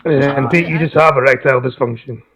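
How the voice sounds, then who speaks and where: Fast-talking Scottish man, wry and dry. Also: mid-range voice, crowd noise, low-quality recording. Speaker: guest on a stream chat. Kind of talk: casual stream chat.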